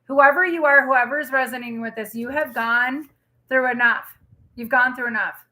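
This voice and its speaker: Bright-voiced chatty woman reading tarot. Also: high-pitched, fairly even intonation, normal speed. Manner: chatty, rambling, emotional, lots of fillers. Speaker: tarot reader.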